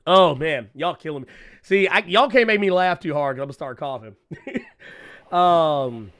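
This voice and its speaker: A man with an animated, bouncing delivery and a smooth, resonant voice, speaking in AAVE. He jokes constantly and breaks into laughter as he hosts a casual live show. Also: a little high, moderate pace. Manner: laughs often, animated, slangy. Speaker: podcast co-host reading super chats. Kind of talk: casual comedic banter.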